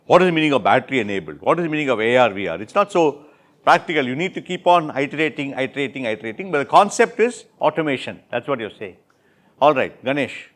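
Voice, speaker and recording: A man's voice: medium pitch, lively intonation, fairly bright tone. Man teaching a workshop, repeating answers. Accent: Indian English. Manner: repeats and rephrases students' answers, brisk encouraging praise. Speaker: workshop instructor. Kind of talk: interactive classroom teaching. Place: classroom.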